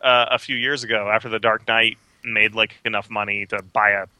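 Sharp-toned man sharing film trivia. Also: lowish voice, level tone, a little fast, no room sound. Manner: informative, film-trivia heavy. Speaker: podcast co-host. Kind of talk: casual film chat.

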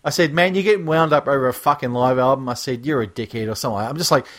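A man's voice: mid-range voice, very fast, fairly bright tone. A man co-hosting a podcast in casual chat, ranting with sarcasm and plenty of swearing. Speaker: podcast co-host.

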